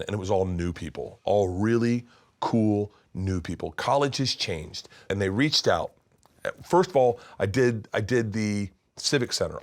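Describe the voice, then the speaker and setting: A man in his fifties tells a long story as a guest in an interview. His voice sits a little low, and he animates it by acting out the other people's lines. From United States. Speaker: comedian guest.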